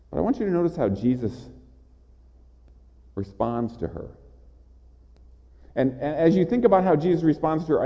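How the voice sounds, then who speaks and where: Impassioned preacher in a reverberant hall. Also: male voice, fairly high pitch. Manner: impassioned, with repeated stammered restarts. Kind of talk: sermon. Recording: dull sound in a large reverberant hall.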